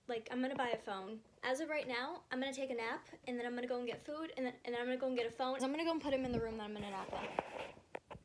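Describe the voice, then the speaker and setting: A woman's voice: high voice, slight background noise. A teenage girl vlogging casually, chatty and flustered, with lots of fillers and sudden panicked outbursts. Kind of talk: casual vlog with a baby simulator.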